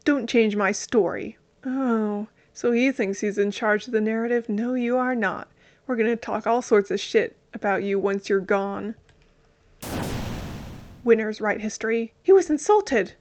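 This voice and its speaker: Hosting a let's play, a woman reads garbled game text aloud and jokes about it. She has a medium-pitched voice and a measured pace, and her manner is playful, with the garbled lines delivered deadpan.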